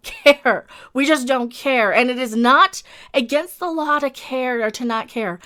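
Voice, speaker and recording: A woman delivers a fiery commentary rant in a high, bright voice. She hammers her points through repetition and swears freely. Her tone is emphatic and exasperated throughout. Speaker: commentary channel host. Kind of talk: ranting video commentary.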